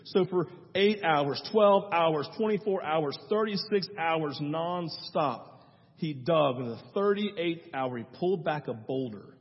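Male pastor, high husky voice, emphatic storyteller, sermon in a dull echoey hall. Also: expressive, a little slow. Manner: emphatic storytelling with repeated phrases.

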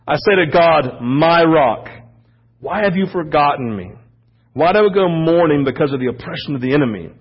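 A man's voice: high voice, husky, highs cut off. A male pastor preaching a sermon, reading scripture aloud and explaining it with emphatic rhetorical questions.

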